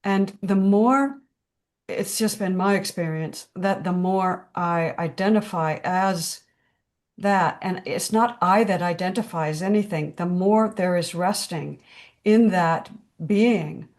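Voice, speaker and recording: A woman hosting a spiritual discussion on a video call, speaking calmly and measuredly and repeating her key phrases. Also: on the low side, takes it slowly.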